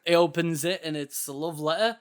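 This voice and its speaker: A man's voice: on the high side, fairly even intonation, fairly quick, smooth. A young man co-hosting a podcast, telling a story in a laid-back, casual way. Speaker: podcast co-host. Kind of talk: casual chat.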